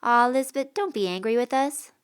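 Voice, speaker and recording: A woman's voice: fairly high pitch, normal speed, clean tone, voice pushed up, natural voice. A woman doing an eager, pleading young boy. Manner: earnest, pleading.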